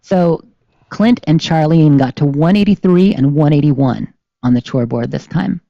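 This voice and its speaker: A rambling, chatty podcast co-host with a mellow, darker tone, full of ums and little laughs. Dry, slightly dull recording from a home streaming setup. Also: medium pitch, unhurried, vocal fry, no echo. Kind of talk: casual podcast chat.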